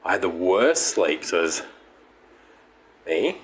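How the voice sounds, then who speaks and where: A young man with a low voice that swings widely in pitch while he tells a story on a casual podcast. He restarts his sentences often and swears freely. A steady background noise sits under the recording. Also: slow. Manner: animated anecdote-telling with restarts and swearing. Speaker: podcast co-host.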